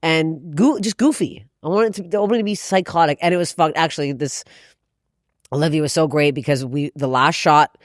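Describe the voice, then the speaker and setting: A woman comedian chatting as a podcast guest, loud and quick to swear and laugh. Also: sits low, no room sound, clean studio sound. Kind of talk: casual podcast chat.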